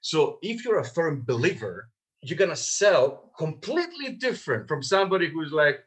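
A man on a podcast as a guest sales trainer, talking in an emphatic, animated way full of "like" and "you know" fillers, and acting out sales calls. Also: a little high, normal speed. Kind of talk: casual coaching talk.

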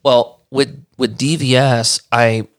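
A middle-aged man telling his story in casual talk, animated, often acting out what others said. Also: mid-range voice, takes it slowly. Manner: animated, acts out quoted dialogue. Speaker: guest.

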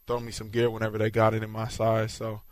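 A man, a pro football player, answering interview questions in a relaxed, modest way. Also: on the low side, fast talker, dry recording. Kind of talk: post-practice interview.

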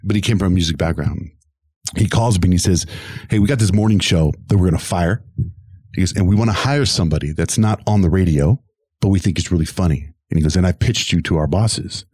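A man's voice: low voice, brisk, slightly rough, dry recording, clean studio sound. A middle-aged man, a radio host, telling his career story in an interview and acting out the voices of the people in it. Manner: animated, acts out quoted voices.

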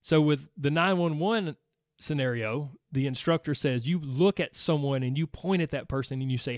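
A man hosting his own podcast in a casual, chatty way, animated and laughing often as he talks to listeners. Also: fairly high pitch, normal speed, no echo, studio quality. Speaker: podcast host. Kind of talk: casual solo podcast talk.

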